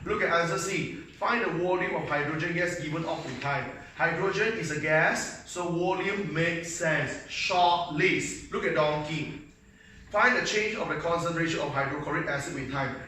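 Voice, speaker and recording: A man's voice: a little high, sharp tone. A man with a Malaysian English accent teaching chemistry to a class, constantly checking that students follow along. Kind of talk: live classroom lecture. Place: school classroom. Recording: echoey room, mic far off, faint noise.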